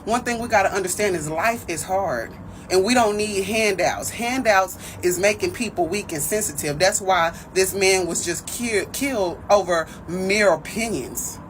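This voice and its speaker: A woman with an ordinary, middle-pitched voice speaks earnestly in a social media opinion video. She talks steadily and from the heart. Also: moderate pace, slight background noise, rough recording.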